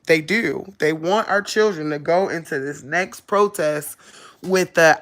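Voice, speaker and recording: A woman's voice: deep voice, slow pace. A woman vlogger talking casually to camera at home, laid-back and chuckling, in loose everyday speech.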